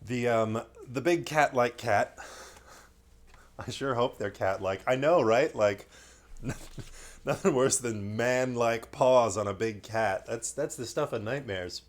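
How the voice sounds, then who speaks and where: A man's voice: mid-range voice, slow. Man reading a bedtime story aloud. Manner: reads aloud, breaking off for playful joking asides.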